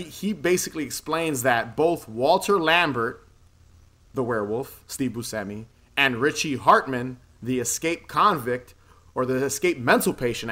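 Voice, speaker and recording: A man's voice: mid-range voice, pushed and bright. A man casually recapping a movie plot in a podcast chat, rambling, swearing freely and laughing often. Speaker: podcast co-host.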